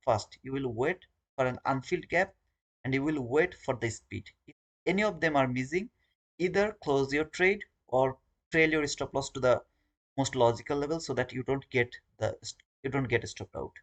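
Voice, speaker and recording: A man's voice: on the high side, fairly bright tone. A man hosting a live trading stream, talking to his viewers in an earnest, informal way.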